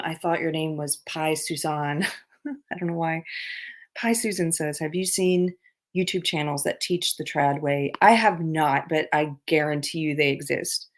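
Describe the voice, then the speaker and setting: Woman livestream host, low voice, easygoing, reads out viewer comments. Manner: chatty, reads viewer comments aloud, laughs often. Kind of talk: casual livestream chat. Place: abroad on a trip.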